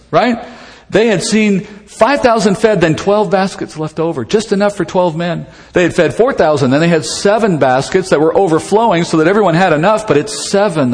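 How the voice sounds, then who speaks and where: Man, Bible teacher, conversational and animated, acts out dialogue, slightly high voice, long hall reverb.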